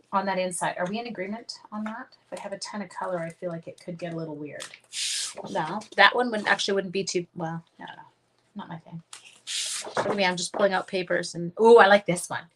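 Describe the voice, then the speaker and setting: A woman's voice: medium pitch, fairly bright tone, slight background noise. A woman chatting casually through a live card-making demonstration, thinking aloud and greeting viewers as she works. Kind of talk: casual live crafting demo.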